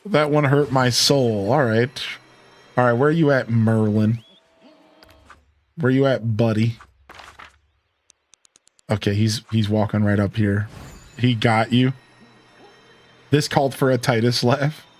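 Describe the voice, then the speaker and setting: A man's voice: mid-range voice, slow pace, pauses often, darkish tone. Chatty male streamer who laughs easily. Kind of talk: casual live gameplay commentary.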